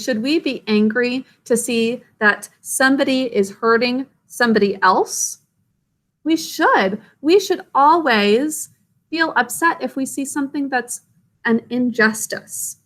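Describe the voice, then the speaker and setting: A woman reads a storybook aloud to children, stopping to ask them gentle questions and explain words. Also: sits high. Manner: gentle questions to young listeners.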